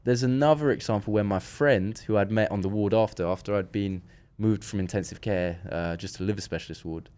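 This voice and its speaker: A young man, a podcast guest, telling a long personal story in casual chat, animated and full of restarts. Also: fairly low pitch, fairly quick, few pauses, clear, resonant tone.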